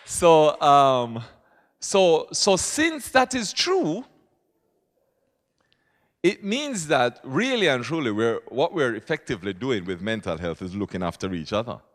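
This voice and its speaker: A man, a poet and lawyer, giving a public talk at a conference and moving between quiet asides and emphatic points. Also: mid-range voice, sing-song, takes it slowly, pauses often. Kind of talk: public speaking. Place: conference hall. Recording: reverberant hall.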